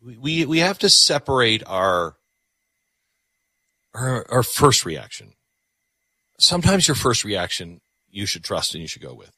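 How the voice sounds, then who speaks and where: A man's voice: mid-range voice, very animated, a little slow, long pauses, bright, forceful tone, breathy edge, no room sound, clean studio sound. A man hosting a call-in radio show, talking earnestly and reflectively, often repeating words as he thinks aloud. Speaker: radio talk show host.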